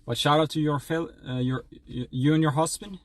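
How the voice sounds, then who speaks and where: A man's voice: a little high, steady tone, brisk, dry recording. A young man from Sweden, chatting playfully as a streamer and reading donations in a rambling way. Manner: rambling, playful, stumbling restarts. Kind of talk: casual livestream chat, reading donations.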